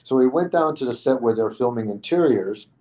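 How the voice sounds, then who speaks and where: Middle-aged man telling a lively anecdote. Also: medium pitch, a little fast, poor audio. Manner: animated, often acting out other people's lines. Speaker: interview guest, stuntman. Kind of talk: casual anecdotal storytelling.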